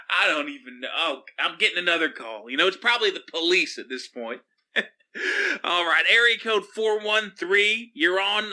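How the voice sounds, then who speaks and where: A man's voice: a little high, pushed and bright, heavily acted. A man playing a flippant pop psychologist from Oklahoma who hosts a comedic call-in show, prissy and easily rattled, stammering when callers swear. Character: flippant middle-aged male pop psychologist radio host.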